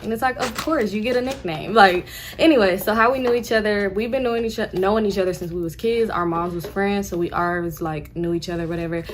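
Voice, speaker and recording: Young woman, mid-pitched, chatty storyteller talking to her viewers, faint hiss behind. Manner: chatty, addresses listeners as y'all. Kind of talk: casual storytime.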